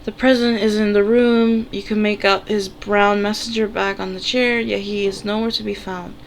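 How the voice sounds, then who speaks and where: A woman's voice: mid-range voice, flat delivery, normal speed, gravelly, a little hiss or hum. A woman casually reading a text game aloud, giggling often. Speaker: gamer.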